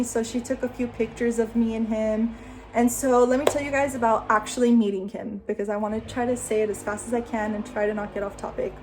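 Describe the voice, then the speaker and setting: A woman in her late twenties, a vlogger telling a story to the camera in a chatty, excitable way, saying "like" a lot. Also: mid-range voice, slight background noise. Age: 20s.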